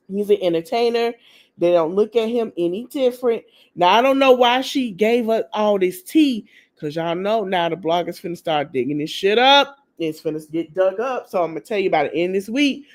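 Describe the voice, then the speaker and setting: A woman hosting a podcast, casually recapping a TV episode in a chatty, slangy, gossipy way and talking straight to her listeners. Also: mid-range voice. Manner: acts out the people she quotes. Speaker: podcast host.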